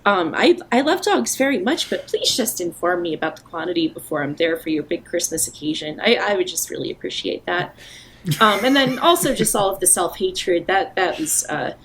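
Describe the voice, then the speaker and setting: A talkative woman, chatting casually as a podcast guest. Her pitch swings widely as she talks. There is a faint hum of ambience behind her. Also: brisk, rough recording. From New York. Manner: animated, talkative, many "like" fillers.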